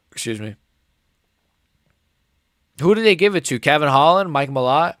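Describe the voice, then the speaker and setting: A young man hosting a live fight reaction stream, rambling casually with lots of "like" and "bro" while his voice sometimes cracks high. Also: sing-song, a little slow, a bit bright, no room sound, studio quality. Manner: rambling, filler-heavy, says "like" and "bro" often. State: voice cracking upward at times.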